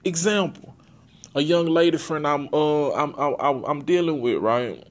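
A young man hosting his own podcast, talking bluntly and profanely in a casual, animated monologue. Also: a little high, measured pace. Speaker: podcast host.

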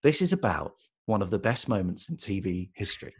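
A British man with a husky, slightly rough voice tells a story on a podcast. His pitch swings widely as he builds up to the funny part. He talks in a loose, casual way and laughs often along the way. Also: very animated, brisk, a little mellow. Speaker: podcast co-host. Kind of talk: casual chat.

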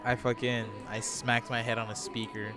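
A man's voice: medium pitch, level tone, normal speed, music in the background. A man talking as a podcast guest in casual chat, laid-back, swearing a lot and laughing at himself.

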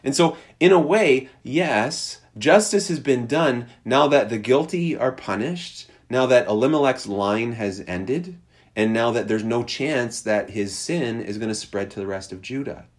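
A man's voice: mid-range voice, expressive, a little slow. A man preaching a sermon in a conversational way, acting out quoted lines. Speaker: pastor.

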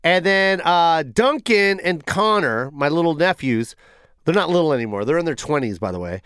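A man hosting a comedy podcast, telling stories with heavy swearing. His voice is high for a man and swings widely in pitch. The recording is dry and close. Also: moderate pace, clean tone, no echo. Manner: animated, profane storytelling. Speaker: podcast host. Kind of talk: casual comedic chat.

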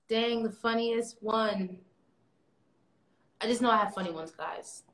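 A woman telling stories on a casual livestream, animated and slangy. Her voice is bright and forceful, and the room around her sounds echoey. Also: fairly high pitch, slow pace. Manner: animated storyteller, slangy and swearing. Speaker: livestream guest.

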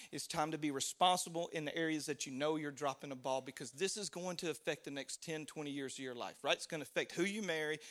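A middle-aged man preaching a sermon, an animated storyteller who laughs and shouts out the lines he quotes. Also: a little high. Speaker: pastor.

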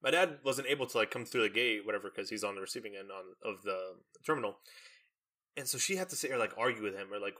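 A young man telling a long story in casual chat, animated and full of fillers, acting out the lines of the people in it. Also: mid-range voice, fast. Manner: animated storytelling with many fillers and acted-out quotes.

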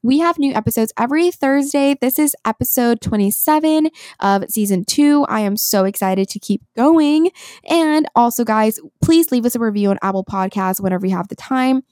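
A woman's voice: fairly high pitch, normal speed, a little mellow, no echo, clean studio sound. A young woman hosting a podcast, telling a story in a chatty, casual way with lots of fillers. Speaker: podcast host.

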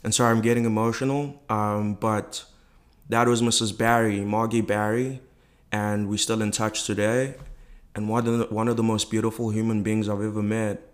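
Low flat-voiced man telling a personal story. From South Africa. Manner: reflective, halting, with many fillers. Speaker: guest. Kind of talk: personal storytelling in a podcast interview.

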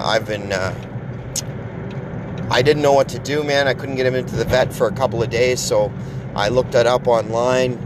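Low-voiced guy rambling and swearing through stories on his podcast, lots of noise behind. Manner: rambling, profane, jokey storytelling. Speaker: podcast host. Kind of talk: casual rambling monologue.

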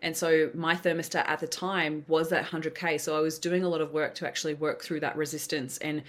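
A woman's voice: sits low, brisk. A woman, a podcast guest and business coach, chatting casually and acting out the voices in her stories. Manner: animated storytelling, acts out quoted voices. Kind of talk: casual interview chat.

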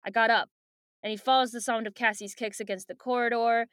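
A woman's voice: a little high, steady tone, fairly quick, fairly bright tone, clean tone, no echo, studio quality. A young woman co-hosting a podcast, recapping a book in a chatty way with many fillers and frequent laughs. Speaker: podcast co-host. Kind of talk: casual book recap and chat.

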